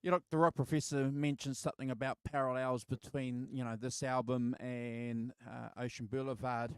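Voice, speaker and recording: A man's voice: medium pitch, level tone, moderate pace, clean tone, no echo. A man co-hosting a casual album review chat, rambling with lots of fillers. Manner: rambling, filler-heavy, laughs easily. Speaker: co-host.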